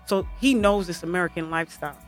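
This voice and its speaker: A woman guest telling family stories on a podcast in an animated, humorous way. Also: on the low side, quick pace, faint music behind. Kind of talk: casual podcast chat.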